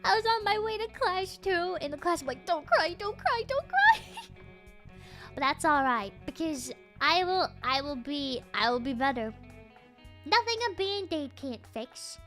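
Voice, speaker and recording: A woman's voice: sits high, lively intonation, moderate pace, fairly bright tone, soft background music. A young woman streaming a game, chatting with her viewers in a bubbly, giggly way and greeting them again and again. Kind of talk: live game stream chat.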